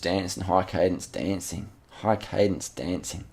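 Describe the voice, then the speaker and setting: A man giving excited, slangy, repetitive commentary over race footage, with casual swearing. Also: sits low, normal speed, gravelly. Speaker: channel host.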